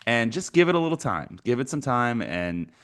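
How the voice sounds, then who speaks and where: A man co-hosting a sports talk podcast, telling animated stories and laughing as he goes. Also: mid-range voice, normal speed, clean tone. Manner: animated storyteller, laughs often. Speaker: podcast co-host.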